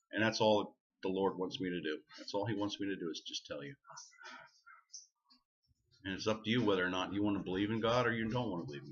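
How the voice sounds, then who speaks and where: A man's voice: low voice, a bit bright, highs cut off. A man preaching casually to the camera in a vlog, earnest and repeating himself for emphasis. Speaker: vlogger.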